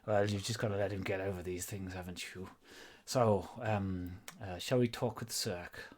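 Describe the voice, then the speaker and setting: A man voicing a kindly, weary old male dwarf lord in a put-on Welsh accent, speaking softly. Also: low voice, steady tone, normal speed. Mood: gentle.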